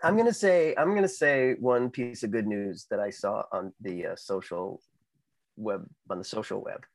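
A man co-hosting a podcast in relaxed, casual chat, full of ums and easy laughter. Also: lowish voice, normal speed, gravelly, dry recording, low-quality recording. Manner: easygoing, filler-heavy, laughs easily. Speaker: podcast co-host.

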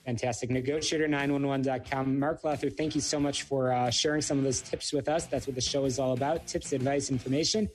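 A man hosts a business talk show, asking questions with frequent "uh" and "um" and halting restarts. His voice sits at a middle pitch. Faint music plays underneath. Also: fairly even intonation. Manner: hesitant, many fillers. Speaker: radio show host.

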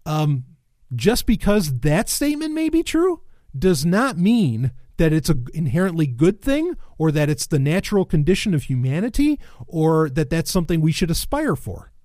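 A man's voice: a little high, sing-song, moderate pace, a little mellow, no echo, studio quality. A man giving a casual, sardonic commentary monologue, rambling with restarts and swearing, then flaring into exasperated rants. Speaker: commentator reacting to a blog post.

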